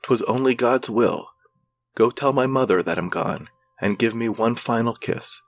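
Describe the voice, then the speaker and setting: A man's voice: mid-range voice, measured pace, soft background music, close to an everyday voice. A dying young woman's weak plea, voiced by a man. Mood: tender. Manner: weak, gasping.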